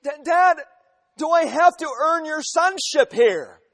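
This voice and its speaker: A man's voice: extremely high pitch, expressive, measured pace, dry recording, studio quality, pitched above the performer's own voice, full character voice. A man voicing his seventeen-year-old son in a sermon illustration, asking puzzled, pleading questions.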